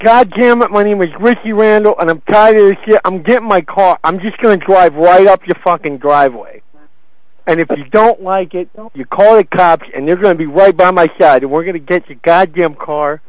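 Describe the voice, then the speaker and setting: A man's voice: high voice, moderate pace, no room sound. A man making a prank phone call, belligerent and taunting, swearing constantly. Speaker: prank caller. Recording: muffled phone call recording.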